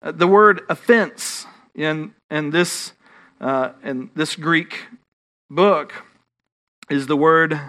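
Texan man, pastor, high pitched, emphatic preaching, restarts mid-phrase. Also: takes it slowly, pushed and bright. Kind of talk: sermon.

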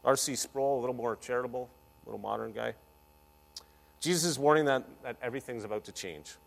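A man preaching a sermon as a pastor, energetic and playful, with big swings in loudness. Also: mid-range voice, quick pace, vocal fry. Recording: long hall reverb.

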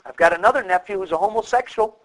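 Animated high-voiced male pastor preaching. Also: fast, poor audio. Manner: animated, acts out quoted voices. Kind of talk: sermon.

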